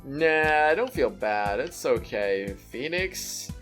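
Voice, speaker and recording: A man's voice: mid-range voice, expressive, moderate pace, fairly bright tone, faint music behind. A man doing let's play commentary, ranting and joking animatedly about a game. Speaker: gaming YouTuber.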